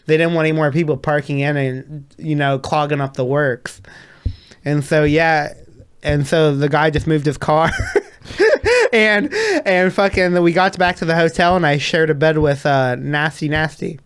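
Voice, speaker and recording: A man, a DJ, telling a story in a casual, animated way and laughing often. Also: fairly high pitch, moderate pace, smooth. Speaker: DJ guest.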